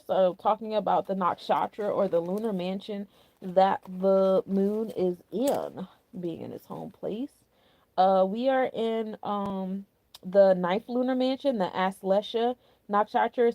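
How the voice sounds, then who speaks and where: A woman's voice: mid-range voice, dry recording, highs cut off. A young woman hosting a casual astrology and numerology forecast, chatty and candid, full of loose slang and filler words. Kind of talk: casual spiritual forecast talk.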